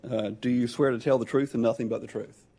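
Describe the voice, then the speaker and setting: A man chairing a congressional hearing, introducing witnesses in a loose, halting way. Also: medium pitch, steady tone, mellow. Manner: halting, loose, with many hesitations. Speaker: subcommittee chairman.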